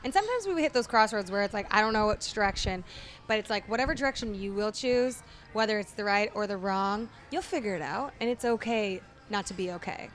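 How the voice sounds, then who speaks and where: A woman's voice: mid-range voice, lively intonation, a little fast, faint music behind. A Canadian woman from Ontario, a podcast guest chatting casually and rambling off on tangents into a studio mic. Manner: bubbly, rambling, goes off on tangents. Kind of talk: casual chat. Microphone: studio microphone with headphones.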